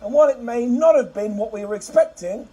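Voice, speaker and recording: A man narrating a scripted wrestling review in an animated, sarcastic, joking way. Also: very high voice, brisk, breathy edge.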